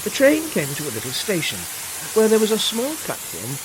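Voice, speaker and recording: An expressive narrator reads a children's storybook aloud, the pitch rising and falling a lot. A steady hiss sits beneath the recording. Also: normal speed. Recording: hissy home recording.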